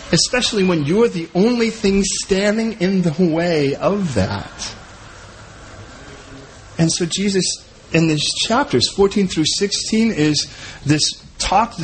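High-voiced man preaching conversationally. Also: a little hiss or hum, rough recording. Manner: conversational, repeats words, restarts. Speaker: pastor. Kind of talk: sermon.

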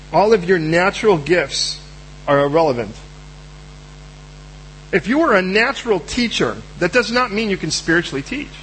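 A man preaching a sermon in a lively, animated way, acting out the voices of Bible figures. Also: sits high, a little hiss or hum, low-quality recording.

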